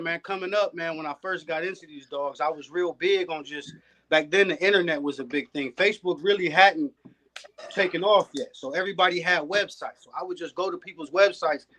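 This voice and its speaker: A man, a guest on a podcast and a dog breeder, telling stories in a relaxed, casual way. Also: fairly high pitch. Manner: laid-back, peppers talk with "man". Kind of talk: casual storytelling chat.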